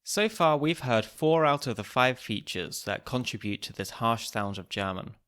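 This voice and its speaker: A man hosting a podcast, reading scripted narration in a clear, measured, explanatory way. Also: medium pitch, expressive, a bit bright. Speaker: podcast host.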